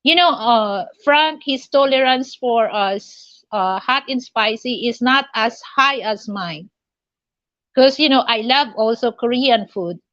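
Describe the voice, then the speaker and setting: Filipino-accented woman hosting a live chat; slightly high, slow, halting delivery, dry lo-fi audio. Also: fairly bright tone, no room sound. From Philippines. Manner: halting, many fillers and restarts. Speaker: livestream host.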